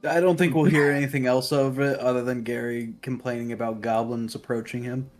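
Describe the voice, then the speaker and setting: A man playing in a tabletop game session, speaking in an excitable, playful way. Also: medium pitch, a little fast, faint music behind. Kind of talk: casual actual-play chat.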